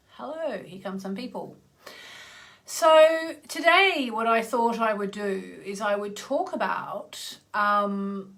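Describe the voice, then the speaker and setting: A woman from Tasmania, chatting casually on a live stream as an astrologer, greeting viewers by name and clearing her throat now and then. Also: fairly high pitch, a bit bright. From Australia (Tasmania).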